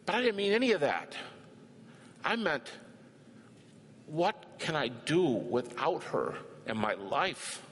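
A man's voice: on the high side, sing-song, slow pace, long pauses, a bit bright, slight background noise. An older man preaching a sermon, emphatic and dramatic, telling a personal story and acting out dialogue. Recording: reverberant hall with faint ambience.

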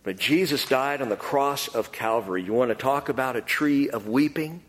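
A man's voice: medium pitch, moderate pace, in a large hall. A man preaching a sermon, working through scripture with an emphatic delivery and repeated key phrases. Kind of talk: expository sermon.

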